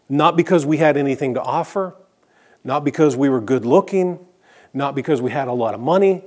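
A man preaching a sermon to his congregation, earnest, slowing down and dropping to a hush for emphasis, with light asides. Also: on the high side. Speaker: pastor.

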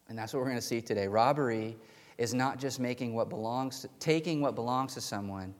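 A male pastor preaching a conversational sermon in a church, telling a story with restarts and chuckles. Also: medium pitch. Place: church sanctuary with pews. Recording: long hall reverb in a church.

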